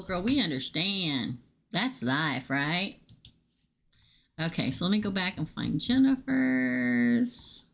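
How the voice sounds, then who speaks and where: A woman with a low, gravelly voice that she is losing, giving a casual live tarot reading. She chats excitably and calls viewers by name. A faint hiss sits behind her. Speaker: tarot reader hosting a live stream.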